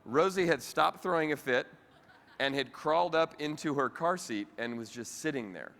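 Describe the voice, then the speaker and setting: A man giving a lively motivational keynote talk, chatting directly with the audience at a convention. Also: fairly high pitch, normal speed, a little hiss or hum. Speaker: keynote speaker. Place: convention hall with live audience. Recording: reverberant convention hall.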